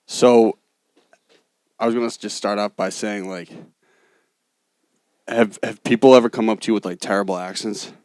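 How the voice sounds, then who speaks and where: A man's voice: on the low side, steady tone, normal speed, long pauses, darkish tone, no room sound. A man hosting a podcast, chatting casually, laughing often and rambling loosely. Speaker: podcast host. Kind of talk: casual chat.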